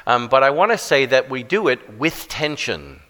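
A middle-aged man preaching a sermon with stories, self-deprecating and halting, with many restarts. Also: mid-range voice, sing-song, sharp tone. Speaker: guest preacher. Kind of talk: sermon with storytelling. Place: church sanctuary. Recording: long church reverb.

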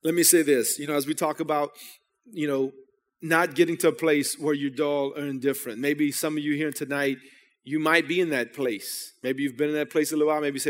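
A young man preaches a sermon, talking as if to friends and often restarting his sentences. His voice sits fairly high for a man. The sanctuary gives it a long trailing reverb. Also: fairly even intonation, fairly quick. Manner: storytelling, conversational with repeated restarts. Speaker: pastor. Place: church sanctuary. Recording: long hall reverb in church.

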